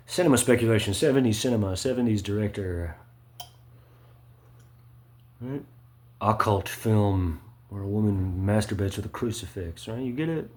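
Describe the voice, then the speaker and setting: Rambling man muttering "right?" constantly. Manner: rambling, full of "right?" and "you know" fillers; swings between low mutters and sharp emphatic spikes. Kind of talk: rambling monologue.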